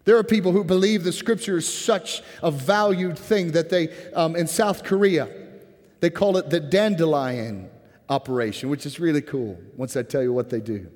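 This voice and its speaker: A man preaching a sermon as pastor, earnest and impassioned, dropping to a hushed tone when he prays. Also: a little high, normal speed. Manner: earnest, rising to impassioned then softening to a hushed prayer. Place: church sanctuary. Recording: church hall with long reverb.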